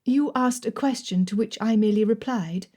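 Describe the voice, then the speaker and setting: A woman's voice: a little high, moderate pace, dark tone, close to an everyday voice. A woman voicing a spirited young French dressmaker woman who speaks pertly and forthrightly. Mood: teasing. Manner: pert, forthright.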